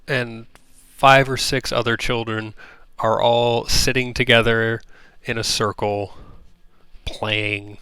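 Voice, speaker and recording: A man narrating a tabletop game as game master, describing the scene in an unhurried way with plenty of fillers. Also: medium pitch, bright, forceful tone, clean tone, dry recording.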